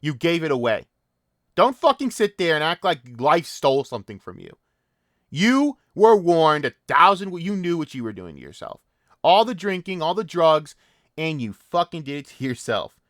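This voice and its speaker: A man's voice: fairly high pitch, big pitch swings, normal speed, no echo, studio quality. A man hosting a commentary channel, ranting in a profane, mocking and exasperated way.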